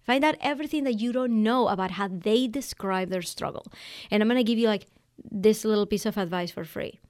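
A woman's voice: medium pitch, fairly quick, a little mellow. A woman hosting a business coaching podcast, giving advice in an emphatic, conversational way and acting out quotes from clients. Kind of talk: energetic solo podcast advice.

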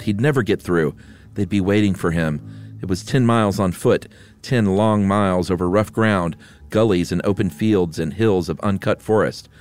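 A man reading a story aloud in steady, measured narration. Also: low-pitched. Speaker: story reader.

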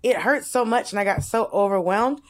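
Animated, blunt female co-host. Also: mid-range voice, fairly quick. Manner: animated storyteller, blunt and expressive, swings between loud and soft. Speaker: podcast co-host. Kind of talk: casual chat.

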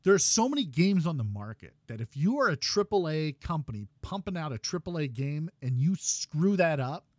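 Podcast co-host, male, lively sing-song delivery, dry close mic, chatty and rambling. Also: a little high, normal speed, hardly any pauses, no room sound. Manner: animated, laughing, rambling with restarts. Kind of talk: casual gaming podcast chat.

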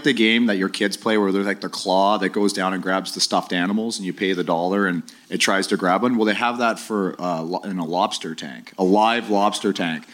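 A middle-aged man, a former hockey player, telling stories on a live podcast stage and acting out his old teammates. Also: on the low side. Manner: animated storyteller, acts out voices of teammates.

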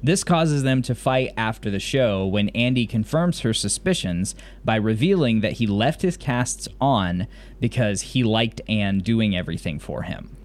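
Fairly low in pitch with lively intonation and a measured pace, this man co-hosts a podcast, giving a rambling, enthusiastic, casual recap of a TV episode. He's from Mississippi in the US South but has lost most of that accent, sounding largely general American.

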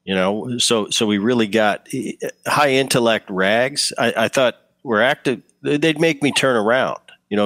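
A man's voice: medium pitch, dry recording. A man, a former ballplayer, chatting casually as an interview guest, telling stories with frequent restarts. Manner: relaxed storytelling with frequent restarts. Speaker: guest, former baseball player.

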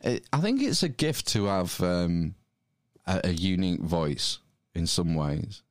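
Deep-voiced Northern English man, halting. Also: big pitch swings, no room sound, clean studio sound. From Northern England. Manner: hesitant, lots of ums and restarts. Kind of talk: casual chat.

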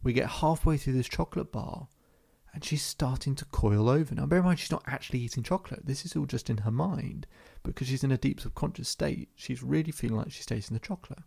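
A man hosting a podcast, calmly telling a story from his hypnotherapy practice with measured, repetitive phrasing. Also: medium pitch, vocal fry, husky.

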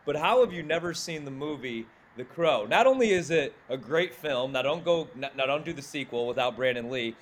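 A man's voice: on the high side, animated, fairly quick, hardly any pauses. A man co-hosting a sports talk show, speaking in an enthusiastic, emphatic way. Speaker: co-host.

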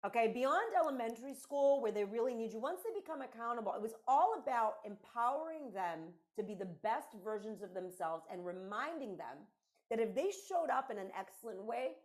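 Woman, middle-aged, fairly high voice, podcast guest, mentor, emphatic, repeats phrases. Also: lively intonation, fairly quick. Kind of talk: casual podcast conversation.

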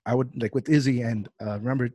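A young man hosting a podcast over a video call, chatting casually and acting out quotes in a louder voice. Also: mid-range voice, quick pace, dry recording. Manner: animated, acts out quotes in a raised voice. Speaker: podcast host. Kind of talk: casual interview chat.

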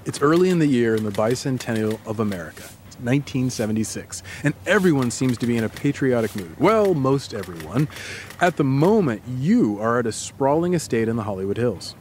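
A man's voice: mid-range voice, sing-song, a little fast, a little mellow, slight background noise. A male podcast host telling a dramatic story to his co-host in the second person. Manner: dramatic, builds scenes.

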